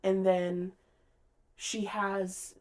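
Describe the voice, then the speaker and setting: A woman co-hosting a casual book podcast, retelling scenes with lively acted-out lines. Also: medium pitch, very slow. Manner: animated, acts out characters' lines mid-story. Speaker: podcast co-host.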